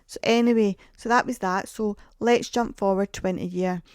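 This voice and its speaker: A woman's voice: medium pitch, steady tone, normal speed, darkish tone, smooth, no room sound, studio quality. A woman in her forties hosting a podcast, telling chatty, rambling, self-mocking stories. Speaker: podcast host. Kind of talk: casual podcast monologue.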